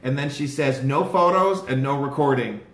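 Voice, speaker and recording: A man with a medium-pitched voice and moderate pace excitedly tells a small group of supporters about his day outdoors in a city, rambling and growing louder and more heated. A bystander holds the phone recording it, and the audio is echoey with background noise.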